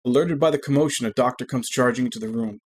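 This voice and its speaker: A man streaming a game, reading its story text aloud in a measured, earnest way. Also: mid-range voice, a little hiss or hum.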